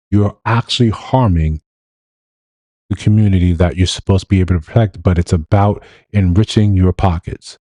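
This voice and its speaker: A man giving blunt, animated livestream commentary, often mimicking other people in quotes. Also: fairly low pitch, no room sound. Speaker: streamer and commentator.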